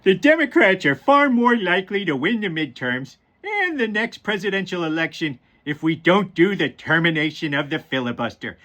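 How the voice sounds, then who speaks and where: Brief: loud, shouty cartoon dad voice, raised and swooping, as a man puts it on. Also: high voice, big pitch swings, moderate pace, hardly any pauses. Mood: ranting. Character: Homer Simpson impression reading an angry rant.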